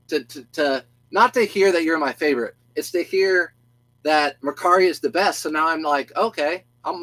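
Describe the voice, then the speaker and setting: A man's voice: a little high, fairly bright tone, no echo, low-quality recording. A middle-aged man, a reseller chatting casually on a live stream, goofy and talkative, greeting viewers by name and stumbling over his own restarts.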